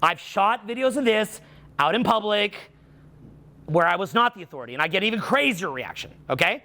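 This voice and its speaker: A man's voice: high voice, very animated, a little fast, bright, forceful tone. A man coaching a live seminar audience, playful and teasing as he banters with volunteers on stage. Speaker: social skills coach.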